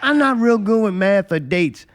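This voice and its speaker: A man's voice: high-pitched, animated, moderate pace, dry recording, studio quality. Rambling, profane talk-show man. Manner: rambling storyteller, swears a lot. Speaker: podcast host. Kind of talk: casual profane chat.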